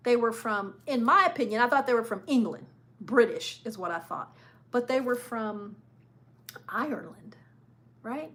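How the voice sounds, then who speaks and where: A woman's voice: a little high, expressive, normal speed, a bit bright. A woman hosting a live cruise news stream, chatting casually, repeating phrases for emphasis and laughing often.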